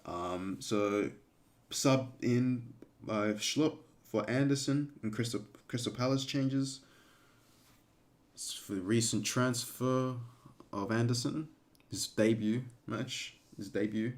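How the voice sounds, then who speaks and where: A man giving casual live commentary during a watch-along stream, excitable and emotional, breaking into shouts at big moments. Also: mid-range voice, takes it slowly. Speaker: fan streamer commentating a match.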